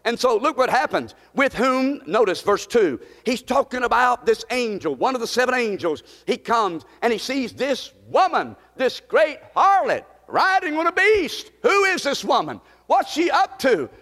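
High-voiced preacher in a church hall. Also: male voice, sing-song, normal speed, hardly any pauses, fairly bright tone. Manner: call-and-response preaching, rising to emphatic repetition. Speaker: pastor. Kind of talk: sermon.

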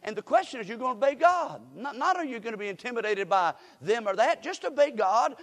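High-voiced older man preaching. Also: animated, fast, fairly bright tone, big-room sound. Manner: call-and-response, folksy and emphatic. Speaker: guest preacher. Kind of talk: sermon. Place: church.

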